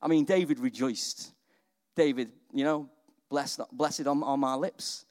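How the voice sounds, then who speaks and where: A man preaching a sermon in a lively, conversational way, often asking his listeners questions. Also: mid-range voice, measured pace. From England.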